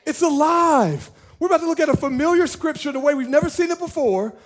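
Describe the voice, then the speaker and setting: A man preaching as a pastor, animated and playful, talking directly to his church. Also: very high-pitched, a little fast. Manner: animated, playful, talks to the congregation. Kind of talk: lively sermon.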